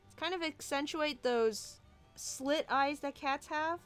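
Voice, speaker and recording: A woman talks through a character design as she draws, at a slow, unhurried pace. She muses aloud and hesitates, restarting her sentences and filling pauses. Soft music plays faintly in the background. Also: sits high. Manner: musing, hesitant, with many fillers and restarts. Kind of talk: casual thinking-aloud commentary while drawing.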